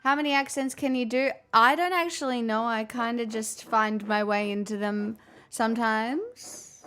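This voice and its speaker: A woman's voice: fairly high pitch, fairly even intonation, moderate pace, a bit bright, smooth. A young woman hosting a live stream, chatting casually with her viewers in a playful, teasing way and laughing often. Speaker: livestream host chatting with viewers.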